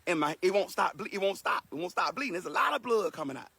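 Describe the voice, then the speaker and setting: Gravelly high-voiced man preaching casually. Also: expressive, fast, pushed and bright, no room sound. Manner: earnest and preachy, repeats himself, emotional. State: sweating. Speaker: speaker giving a lesson to viewers. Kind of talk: casual spoken monologue.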